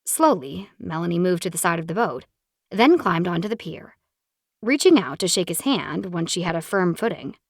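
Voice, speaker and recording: Expressive woman audiobook narrator. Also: on the low side, normal speed, vocal fry, dry recording, studio quality. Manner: expressive, animated storytelling. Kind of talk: scripted romance narration.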